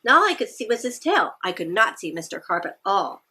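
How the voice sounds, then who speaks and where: A woman reading picture books aloud to young children, animated and encouraging, often asking her listeners questions. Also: medium pitch, a little fast, slightly rough. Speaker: children's storytime presenter.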